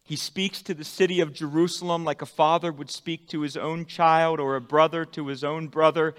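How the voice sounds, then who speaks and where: A pastor preaching a sermon, with dramatic swings from loud emphatic peaks to hushed, soft endings. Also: male voice, on the high side, level tone, moderate pace, smooth, in a large hall.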